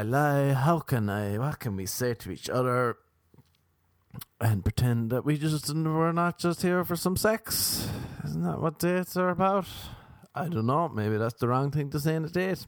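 A man's voice: mid-range voice, creaky, dry recording. Irish man, young, stand-up comic, rambling sardonic delivery, dry close sound. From Ireland. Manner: rambling, repetitive, sardonic asides. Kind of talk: stand-up comedy monologue.

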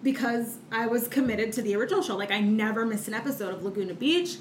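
A woman co-hosting a podcast in casual chat, animated and quick to laugh, peppering her talk with "like.". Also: a little high. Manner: chatty, animated, laughs often, says "like" a lot. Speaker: podcast co-host. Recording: echoey room with faint noise.

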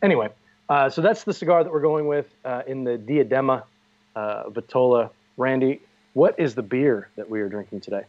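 A man's voice: mid-range voice, brisk, lo-fi sound. A man co-hosting a casual chat show, joking and bantering with a headset mic. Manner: joking, banters and laughs often. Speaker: podcast co-host.

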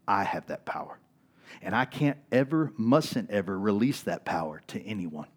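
A middle-aged male pastor telling a story in a sermon, often checking in with "right?" and swinging from loud to quiet. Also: fairly low pitch, expressive, moderate pace, slightly rough. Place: church.

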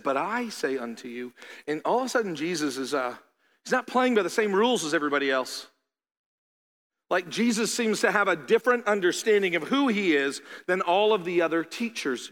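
A man preaching a sermon as a pastor, animated, acting out the voices of his listeners. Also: high voice. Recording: long hall reverb.

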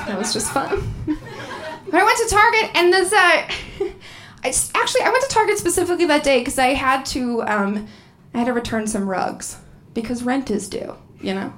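A young woman performing stand-up comedy, telling stories in an animated way, often laughing and jumping up into high squeals. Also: moderate pace, a crowd in the background.

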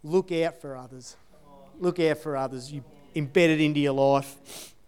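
A man's voice: on the high side, unhurried, darkish tone, clear, resonant tone. A man giving a conversational sermon testimony in an earnest way, repeating his key phrases. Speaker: church speaker sharing testimony.

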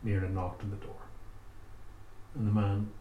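A man telling a spooky folk tale aloud, with slow, dramatic pauses. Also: on the low side, little pitch movement, narrow, tinny audio. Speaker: storyteller. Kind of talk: oral storytelling. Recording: echoey room, faint ambience.

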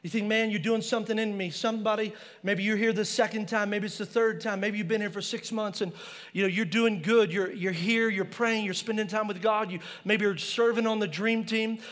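A man's voice: sits high, steady tone, moderate pace, a bit bright, long reverb tail. A male pastor preaching a passionate sermon in a church, mixing personal stories with scripture.

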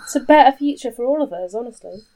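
A woman's voice: fairly high pitch, lively intonation, fast talker, warm tone. A woman as a player in a tabletop game, bantering playfully and persuasively in character.

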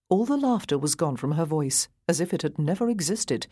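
Audiobook narrator, woman, low husky voice, lively, dry studio sound. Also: brisk, hardly any pauses, no echo. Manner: expressive, animated reading. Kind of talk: scripted narration.

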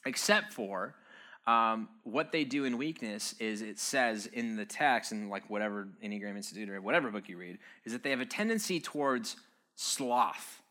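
A man's voice: fairly low pitch, expressive, normal speed, pushed and bright. A man giving a casual, joking sermon-style talk, conversational and wry, with frequent "um"s and "uh"s.

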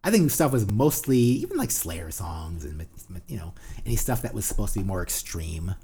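A husky-voiced man in his forties with a New Jersey accent rambles through a casual podcast chat. His pitch swings widely as he rants, and he swears freely. Fillers and restarts pile up in his talk. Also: sing-song, moderate pace, warm tone. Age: 40s. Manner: rambling, profane, ranting with many fillers. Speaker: podcast co-host. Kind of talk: casual banter.

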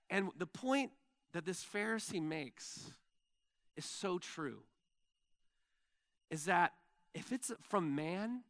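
A man preaching a sermon as pastor, telling stories in a loose, animated way with many fillers and acted-out quotes. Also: high voice.

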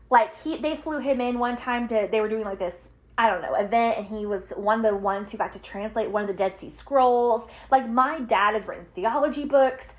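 A woman in her thirties hosting a Christian podcast, chatting casually and emphatically to women listeners, often repeating words for stress and laughing. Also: a little high.

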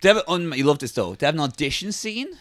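A man chats on a casual podcast, rambling and cracking jokes. His pitch swings around a lot as he talks. The sound is close and dry. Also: sing-song, fast talker, fairly bright tone, no room sound. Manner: jokey, rambling, does silly impressions. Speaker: podcast co-host.

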